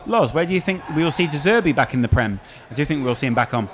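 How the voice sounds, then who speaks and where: A man's voice: a little high, lively intonation, fast talker, few pauses. A man with a Scouse accent hosting a casual live stream, chatting and answering viewer questions. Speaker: streamer host.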